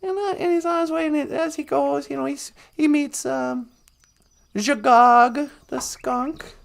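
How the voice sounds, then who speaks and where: A woman's voice: high-pitched, steady tone, unhurried, vocal fry. A woman telling a humorous folk tale in a loose, chatty live-stream manner, chuckling along. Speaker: storyteller. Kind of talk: casual live-stream storytelling.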